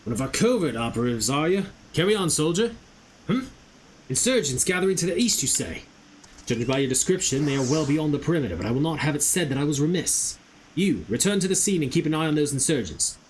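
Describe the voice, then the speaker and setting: A man's voice: a little high, very animated, fast, slight background noise. A man voicing a stern male imperial officer who gives clipped, formal commands.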